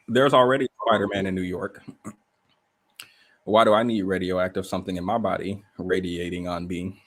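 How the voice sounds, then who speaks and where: A man with a fairly low voice chats casually on a livestream from a rented room. He tells his stories in an animated way and keeps asking rhetorical questions. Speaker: livestream host.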